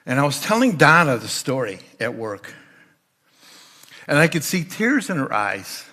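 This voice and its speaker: An older man giving a storytelling sermon as a guest speaker in church, sometimes voicing the people in his stories loudly. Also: fairly high pitch, animated, measured pace, pauses often. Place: church sanctuary.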